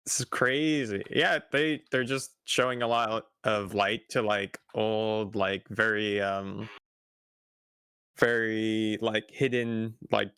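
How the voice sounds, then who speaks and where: Gravelly low-voiced young man. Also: steady tone, takes it slowly, a bit bright, no room sound. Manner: easygoing, laughs often. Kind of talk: casual chat.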